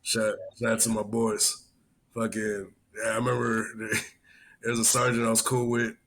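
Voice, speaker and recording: A man's voice: on the low side, completely flat delivery, normal speed, a bit bright, a little hiss or hum. A man hosting a podcast in casual chat, rambling and swearing constantly as he tells stories. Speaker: podcast host, army veteran.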